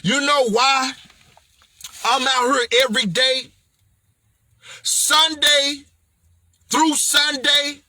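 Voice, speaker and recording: A man's voice: extremely high pitch, fairly even intonation, drawn-out words, pauses often, pushed and bright, dry recording. A man giving an emphatic, slangy motivational vlog talk as a speaker and author, playful and preachy.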